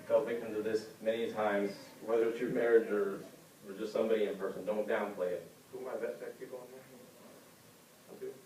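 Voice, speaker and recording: A man giving an informal speech to his class, talking conversationally and acting out the people he quotes with sudden high-pitched voices. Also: fairly even intonation, brisk, dark tone, slight background noise. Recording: roomy classroom heard from a distant camera.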